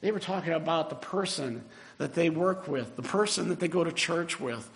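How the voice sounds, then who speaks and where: An older man preaching a sermon as a pastor, earnest and building emphasis, slowing down on key phrases. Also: a little high, gravelly.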